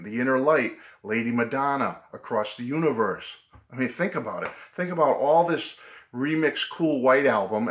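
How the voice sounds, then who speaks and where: A man with a Boston-Providence New England accent, talking excitedly and rambling in a casual vlog, often laughing. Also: medium pitch. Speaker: vlogger.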